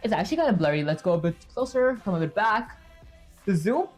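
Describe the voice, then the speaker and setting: A woman codes on a live stream and chats loosely with her viewers, her mid-range voice rambling along in a sing-song way at a fast clip. She fills the gaps with stock filler words and talks to herself as she works. Soft music plays underneath, and she's on a streaming setup with a webcam.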